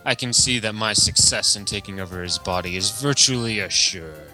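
Haughty vampire count as a man puts him on in a storybook reading, with a very bright, sharp, booming voice and lofty theatrical delivery. Low-set voice that swings up into loud cries, over faint music. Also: normal speed. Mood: gloating. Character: sneering male vampire count, haughty, hates puns. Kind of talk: dramatic reading of a novel.

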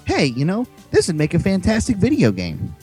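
A cocky young gamer who cracks jokes as a man puts him on, voice pushed far up from his own low register, lively and bouncy. Storybook reading with faint music behind. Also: normal speed, slightly rough, heavily acted. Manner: cocky, joking, raised voice.

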